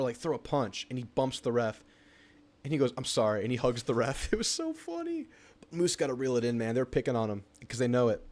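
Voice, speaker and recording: A young man, hosting a live fan stream about college football, reading chat comments and reacting to a game. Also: mid-range voice. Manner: excitable, reads chat comments aloud. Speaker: sports talk show host.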